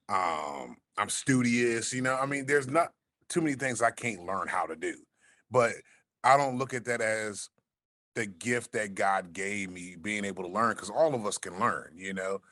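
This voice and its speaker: Deep-voiced man telling a story. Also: fairly bright tone, no room sound, studio quality. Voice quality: deep smooth voice. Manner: storytelling, laid-back, swears freely, laughs. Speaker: podcast guest. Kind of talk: casual chat.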